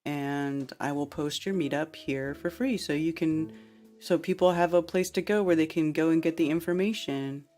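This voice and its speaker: A woman hosting a casual livestream chat, laughing easily with callers and talking quietly and offhandedly when alone. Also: sits low, normal speed, soft background music. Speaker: host.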